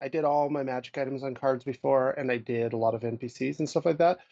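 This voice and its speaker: A man's voice: medium pitch, fairly even intonation, vocal fry, mellow, dry recording, lo-fi sound. A man co-hosting a podcast, chatting casually about running tabletop games, with many thoughtful restarts. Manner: thoughtful, restarts a lot, drifts loose and slow. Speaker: podcast co-host, game master.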